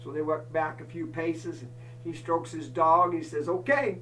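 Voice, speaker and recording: A folksy campfire storyteller spinning a yarn with asides to the listeners. The voice is bright and carries, heard from a little way off the mic. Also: mid-range voice, level tone, moderate pace, far from the mic, slight background noise, rough recording.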